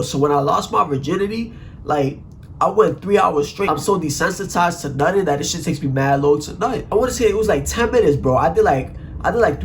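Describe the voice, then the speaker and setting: A young man telling a profane, animated story in a casual vlog, full of "like" and "bro.". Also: sits high, vocal fry, a little hiss or hum. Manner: animated, profane, slang-heavy, constant "like" and "bro".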